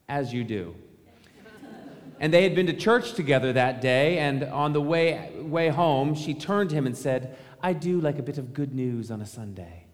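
A medium-pitched, darkish male voice preaches from a church sanctuary, the pastor chatting conversationally and asking the congregation rhetorical questions. The sound carries a long church reverb.

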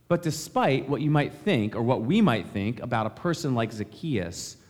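A man's voice: mid-range voice, very animated, moderate pace, a little mellow. A man pastor giving a conversational, friendly sermon in a church sanctuary. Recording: reverberant church hall.

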